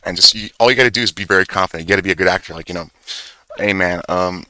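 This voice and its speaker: A man's voice: deep voice, very fast, bright, forceful tone, dry recording, low-quality recording. A young man telling a rambling, profane story in casual chat, full of fillers and self-corrections. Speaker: vlogger. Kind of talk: rambling casual storytelling while screen-sharing.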